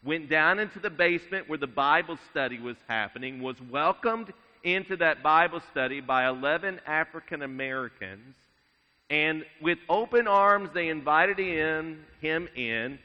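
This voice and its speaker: A man preaching a sermon in a measured way, dropping his voice to a hush at solemn moments. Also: fairly high pitch. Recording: dull sound with long reverb in a large hall.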